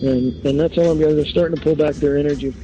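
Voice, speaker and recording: A man's voice: on the high side, steady tone, very fast, muffled recording, noisy background. Hesitant man giving a psychic reading. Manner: hesitant, many fillers and restarts. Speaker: psychic medium on a call-in show. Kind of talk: call-in radio reading.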